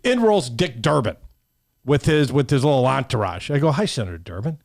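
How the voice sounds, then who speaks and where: A man, a mortgage professional on a talk show, telling an animated story with emphatic repeats. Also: medium pitch, normal speed, creaky, dry recording, studio quality. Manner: emphatic, repeats himself, acts out quotes.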